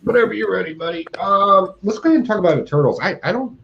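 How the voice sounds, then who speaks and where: A man's voice: high-pitched, fast, gravelly, dull audio, a little hiss or hum. A man co-hosting a casual comics podcast, ranting with lots of laughs. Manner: animated, ranting, laughs often. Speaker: podcast co-host reviewing comics. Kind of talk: casual chat.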